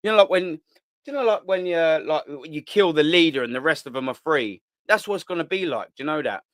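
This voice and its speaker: A man's voice: a little high, expressive, a little fast, no room sound, clean studio sound. A young man, hosting a live fan stream and ranting with heat and a lot of swearing. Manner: heated, ranting, repetitive, swears. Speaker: host of a live fan channel. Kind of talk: live-stream rant reading the chat.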